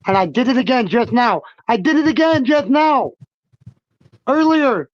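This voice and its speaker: A man's voice: very high voice, animated, normal speed, no echo, muffled recording. A man hosting a livestream in casual chat, swearing freely and getting worked up. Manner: loose, profane, worked up. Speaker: livestream host.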